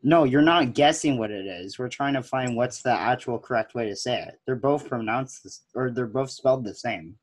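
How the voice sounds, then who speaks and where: A man's voice: mid-range voice, normal speed, hardly any pauses. A man co-hosting a casual podcast, joking and rambling with lots of fillers. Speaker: podcast co-host. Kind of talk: casual chat.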